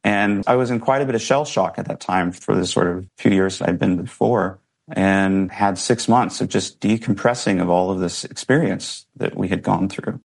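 A man's voice: sits low, moderate pace, vocal fry. A man, a guest in an interview, telling a personal story earnestly and reflectively, with some emotion.

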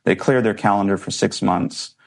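A man with a fairly low, gravelly voice speaks as an interview guest. He recounts a personal story in an earnest, reflective way, with feeling coming through. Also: moderate pace.

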